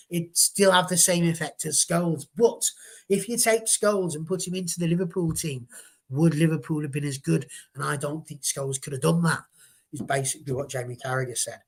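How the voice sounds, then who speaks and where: Chatty English podcast host, higher voice. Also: male voice, fairly quick. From England. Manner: chatty, leads the questions. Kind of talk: casual football chat.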